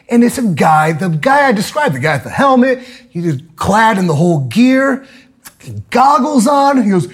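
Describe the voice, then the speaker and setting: A man telling a profane, angry comedic story, swearing and bursting into loud outbursts. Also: a little high, husky. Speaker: podcast guest telling a story.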